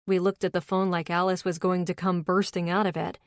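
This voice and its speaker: A woman narrating a romance audiobook in first person, steady and even, on a close studio mic. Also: fairly low pitch, fairly quick, no echo.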